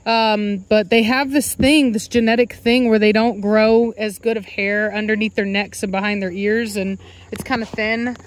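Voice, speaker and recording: A woman's voice: fairly even intonation, moderate pace. A woman who breeds dogs, chatting casually to viewers in a rambling, self-correcting way. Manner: rambling, self-correcting, calls out to her dogs in a high coaxing voice. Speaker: dog breeder and channel host. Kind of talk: casual vlog talk to viewers.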